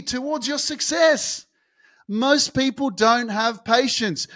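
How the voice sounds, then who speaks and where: Intense high-voiced motivational speaker man. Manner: emphatic, swings from hushed to shouting, clipped swearing. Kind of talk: motivational talk.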